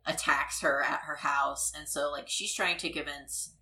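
Woman co-host, very low pitch yet bright, loose rambling delivery. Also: steady tone, measured pace, gravelly. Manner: casual, many fillers, laughs easily. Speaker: podcast co-host. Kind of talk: casual film discussion.

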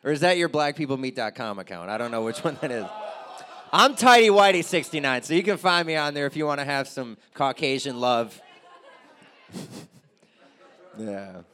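A man's voice: medium pitch, animated, normal speed, long pauses, pushed and bright. A young man doing a loose, crude stand-up set and chatting with the crowd. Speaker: stand-up comedian.

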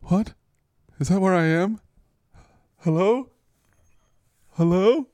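A man voicing a dazed, concussed male football player who talks in halting, bewildered questions. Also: high-pitched, warm tone, no room sound, voice pushed up. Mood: confused.

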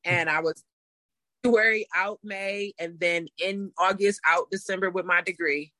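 A woman in her thirties telling a story in a casual interview, animated and laughing as she acts out what people said. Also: on the low side, unhurried, dry recording. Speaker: interview guest.

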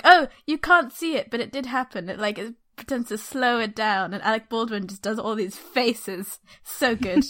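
Enthusiastic woman with a higher voice. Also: no room sound, clean studio sound. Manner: enthusiastic, laughing, quick to joke. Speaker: podcast co-host. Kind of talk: casual chat.

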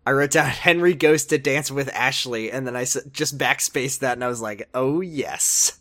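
A young man retelling scenes in casual conversation with a co-host. He delivers dry, sardonic asides in a flat, deadpan way. His pitch sits in the ordinary middle range. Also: normal speed. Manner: dry and sardonic, jokes deadpan about the plot. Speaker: podcast co-host recapping a TV episode. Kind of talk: casual chat.

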